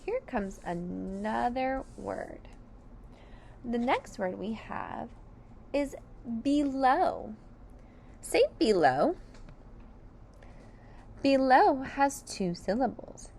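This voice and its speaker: A woman teaching phonics to young children, sounding out each word slowly and clearly, syllable by syllable. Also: on the high side, lively intonation, darkish tone, a little hiss or hum. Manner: slow and over-enunciated, sounding out syllables. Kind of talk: slow, deliberate phonics lesson for children.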